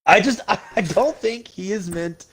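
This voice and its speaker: A man's voice: high-pitched, a little slow, crowd noise. A man hosting a podcast, ranting casually and bluntly about politics with plenty of swearing. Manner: blunt, profane, heated. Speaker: podcast host.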